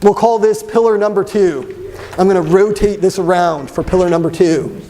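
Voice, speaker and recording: High-voiced man lecturing a debate class. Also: normal speed, background noise. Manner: animated, asks the class questions. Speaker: debate instructor.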